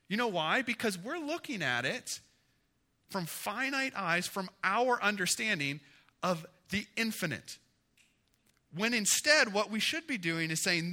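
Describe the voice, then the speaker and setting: A male pastor giving a conversational sermon, asking the congregation questions and growing emphatic and animated. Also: high voice, normal speed.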